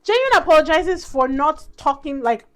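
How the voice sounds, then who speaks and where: A woman's voice: high voice, animated, moderate pace, a bit bright, soft background music. A young woman giving a casual, exasperated recap of a dating show, with laughing asides. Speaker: reality show reviewer.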